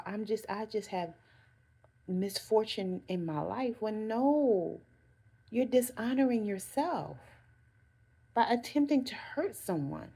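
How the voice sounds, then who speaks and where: In a warm, slightly rough voice pitched a little high, a woman addresses her viewers straight on. The vlogger's casual motivational talk offers earnest self-care guidance, with phrases repeated for emphasis.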